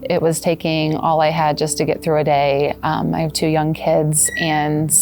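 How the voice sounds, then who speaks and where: Thirties woman, low voice, earnest testimonial, kinda halting, soft music behind. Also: completely flat delivery. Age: 30s. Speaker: former patient giving a testimonial. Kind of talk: personal testimonial.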